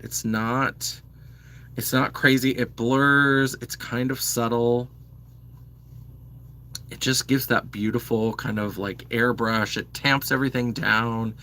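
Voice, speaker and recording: A man's voice: medium pitch, sharp tone. A man hosting a live makeup stream, chatting casually with many fillers and answering viewers' comments. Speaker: livestream host. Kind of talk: casual makeup livestream chat.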